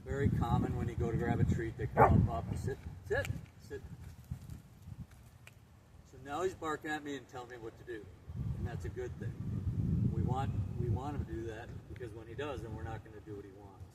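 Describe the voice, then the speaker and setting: Male dog trainer, outdoors, clipped repeated commands, distant mic, heavy outdoor noise. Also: fast talker. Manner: gives repeated short firm commands; high excited praise to the dog. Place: outdoors in a rural yard.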